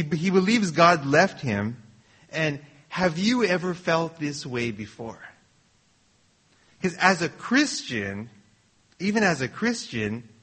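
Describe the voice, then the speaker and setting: Male preacher, sermon delivery: unhurried, slightly raspy, earnest, often restarts phrases. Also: a little high, a bit bright.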